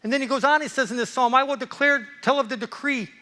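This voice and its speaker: A man preaches with a playful, animated delivery, jumping from loud excitement to hushed asides. His voice is bright and forceful, and it rings with the long reverb of a church hall. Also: extremely high pitch, fast. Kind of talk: lively sermon.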